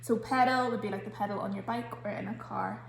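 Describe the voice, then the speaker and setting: A woman with a Scottish accent, a primary school teacher recording a spelling lesson for children. She explains each word patiently and says every sound slowly and carefully. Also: medium pitch, fairly even intonation, creaky, echoey room, a little hiss or hum.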